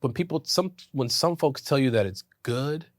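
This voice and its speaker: A man, an actor, chatting in an interview and telling animated stories, laughing often. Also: mid-range voice, normal speed, dry recording, clean studio sound. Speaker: actor guest. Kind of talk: casual interview chat.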